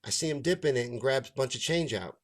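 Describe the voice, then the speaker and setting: Fast and mid-range, a comedian's voice carries a long, casual rant of a story. He swears liberally and acts out others' lines with animation; he's a stand-up and show host.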